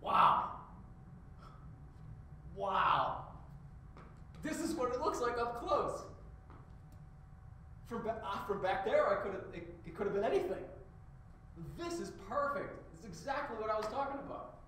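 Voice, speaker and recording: Bright, lively man in an echoey room. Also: a little slow, pauses often, a little hiss or hum. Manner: swings from mocking shouts to low deadpan muttering, swears. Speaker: streamer acting out green screen clips. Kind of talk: improvised comedic acting. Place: green screen studio.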